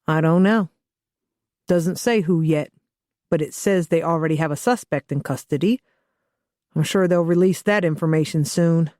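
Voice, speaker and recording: A woman's voice: deep voice, normal speed, long pauses, dark tone, no echo, clean studio sound, lightly acted. Woman voicing a blunt, cussing young man. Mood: sober. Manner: profane, teasing, matter-of-fact. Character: blunt joking young man, protective soon-to-be father. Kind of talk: audiobook dialogue reading.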